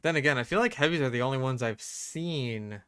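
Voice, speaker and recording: A man's voice: mid-range voice, lively intonation, a little fast, fairly bright tone, clean tone. A young American man giving casual gameplay commentary, muttering and swearing to himself as he plays. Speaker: gaming streamer.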